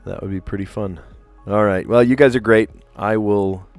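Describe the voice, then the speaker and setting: A man in his thirties, a teacher, chatting casually on his puzzle livestream, relaxed and chatty with lots of fillers and easy laughs. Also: lowish voice, moderate pace, no echo, soft background music.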